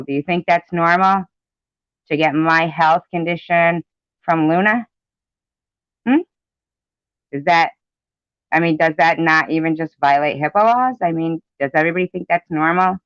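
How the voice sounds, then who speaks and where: A man's voice: a little high, normal speed, pauses often, fairly bright tone, clear, resonant tone, dry recording. A man delivering an angry, profane commentary rant, indignant and repetitive, on a dull lo-fi recording. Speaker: commentary vlogger. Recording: dull lo-fi sound.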